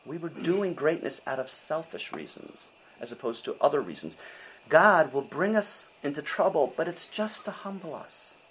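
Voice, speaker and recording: An older man preaching a sermon in an animated, conversational way, often asking his listeners questions. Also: fairly high pitch, moderate pace, slight background noise, rough recording.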